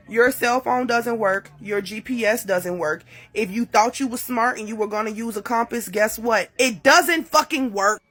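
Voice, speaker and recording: A woman telling a dramatic story to her phone in a casual, profane and animated way. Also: on the high side. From Chicago. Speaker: TikTok storyteller. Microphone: phone mic.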